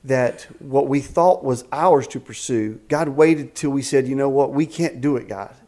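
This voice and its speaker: A man in his fifties, executive director of a ministry camp, telling stories in an animated way in a casual interview. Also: mid-range voice, moderate pace. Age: 50s. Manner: animated storyteller with frequent restarts and faith talk. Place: a house at a rural camp.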